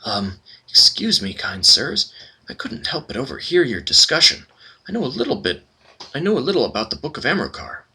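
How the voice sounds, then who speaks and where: A man's voice: medium pitch, sing-song, fairly quick, sharp tone, husky, pitched above the performer's own voice, full character voice. A man voicing a small, timid human servant in a video game, speaking hesitantly.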